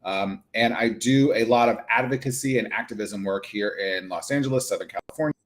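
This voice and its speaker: A man's voice: on the low side, a little fast, few pauses. A man in his thirties, a nurse practitioner talking casually and animatedly on a livestream with lots of fillers.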